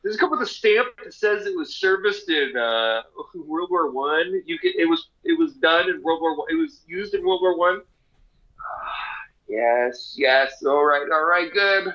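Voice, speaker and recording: A man's voice: fairly high pitch, expressive, unhurried, bright, forceful tone, dull audio. A man co-hosting a podcast, chatting casually, laughing often and acting out quoted voices. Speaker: podcast co-host.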